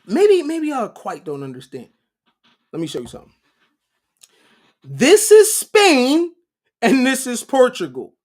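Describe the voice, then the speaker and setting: A man's voice: sits high, wildly swooping pitch, a little mellow. A man hosting a casual livestream, lecturing his viewers with a preachy run of rhetorical questions and repeated "right?" checks. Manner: slow and deliberate. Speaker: livestream host.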